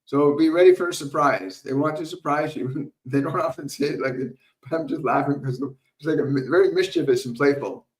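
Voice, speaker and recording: Male medium hosting a live stream Q&A, calm and unhurried, repeats his points, sounds roomy and set back from the mic. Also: on the high side, distant mic. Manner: calm, slow, repetitive teaching with soft laughs. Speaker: spiritual medium answering viewer questions. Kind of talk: live Q&A stream with guided meditation.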